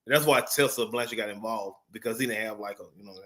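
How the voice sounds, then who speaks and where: A man's voice: lowish voice, quick pace, pushed and bright. A man giving a casual, rambling wrestling review off the cuff, full of fillers and swearing. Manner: rambling, profane, filler-heavy.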